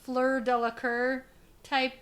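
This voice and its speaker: A woman co-hosting a podcast in casual chat, chatty and giggly, drifting into quick tangents. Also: sits high, little pitch movement. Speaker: podcast co-host.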